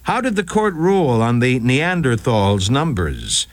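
A man reads a scripted radio crime story with a wry storyteller's manner. His pitch moves in lively swings. The recording is dry and close. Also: measured pace, dry recording. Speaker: narrator.

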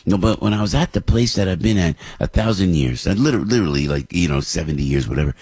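A middle-aged New man hosts a morning radio show and rambles through a story, starting over again and again. His voice sits very low but swings widely in pitch. It has a husky edge and is recorded close and dry. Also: animated, quick pace, darkish tone, no echo. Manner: rambling, chatty, with many restarts.

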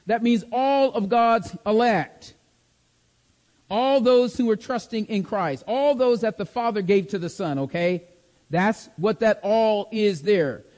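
A preacher leads a Bible study in sermon fashion, his high, a little mellow voice moving at a slow pace with a big-room sound. He's emphatic, repeating key words and asking the class to follow along.

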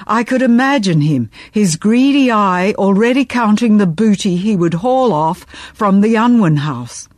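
A woman reading a first-person historical novel aloud in measured, expressive audiobook narration. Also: mid-range voice, no echo, studio quality.

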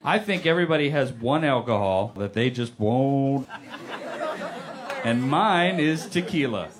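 A male stand-up comedian performing a routine in an animated, mock-indignant way. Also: medium pitch, a little slow, a faint crowd.

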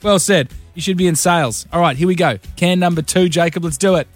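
A man's voice: sits high, fairly quick, over music. A man with an Australian accent hosting a drive-time radio show, joking and teasing callers in casual banter. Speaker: radio host.

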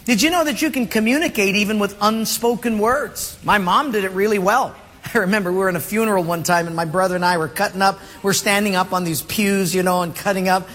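A pastor with a high, slightly bright voice preaches at a fairly quick clip, telling jokey stories and laughing along with them. It's humorous sermon storytelling, recorded with long hall reverb and faint background noise.

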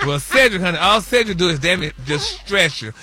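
A sassy, flamboyant man spills celebrity gossip on the radio, sprinkling honey and y'all through every sentence. His voice sits high and comes across bright and punchy. A faint music bed hums behind him. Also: big pitch swings, brisk. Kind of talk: comic radio gossip segment.

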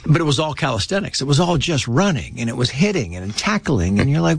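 A man chatting as a guest, telling lively stories and acting out the people in them. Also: mid-range voice, a little fast, vocal fry, few pauses, breathy edge, no echo. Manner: animated, acts out quoted voices. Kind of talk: casual storytelling.

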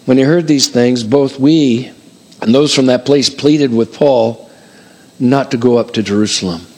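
A middle-aged man preaching a sermon as pastor, energetically calling out to the congregation with quick repeated questions. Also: mid-range voice. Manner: energetic, calls out to congregation like an auctioneer.

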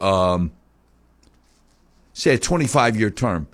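A man's voice: medium pitch, animated, normal speed, long pauses. A man hosting a talk show, delivering a heated, sarcastic opinion monologue full of mocking rhetorical questions.

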